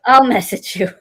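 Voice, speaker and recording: A woman's voice: a little high, a bit bright, slightly rough, no echo. A woman co-hosting a livestream, chatting casually with wry, offhand asides. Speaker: livestream co-host. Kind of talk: casual chat.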